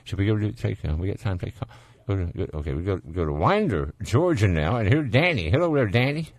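A man's voice: fairly low pitch, very animated, quick pace, no echo. A man with a Southern US accent hosting a call-in radio show, chatting easygoing and laughing often. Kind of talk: casual call-in radio chat.

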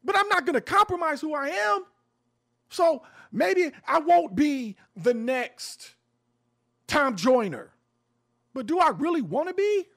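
A man's voice: very high-pitched, sing-song, a little slow, gravelly, a bit bright. A man who hosts a radio show, giving passionate social commentary in an emphatic, preachy way and swearing freely. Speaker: radio show host, guest on a podcast.

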